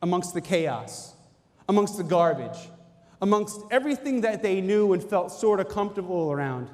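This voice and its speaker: Animated man preaching in a hall. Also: high voice. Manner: animated, preacher-like delivery with dramatic pauses. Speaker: company executive giving a keynote talk. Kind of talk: motivational faith-based speech. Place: conference hall.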